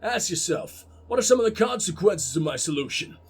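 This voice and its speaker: A man with a Cockney accent voicing a stern male sports coach who lectures his team, straining for an American gruffness. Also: sits high, sing-song, brisk, soft background music, heavily acted. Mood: lecturing.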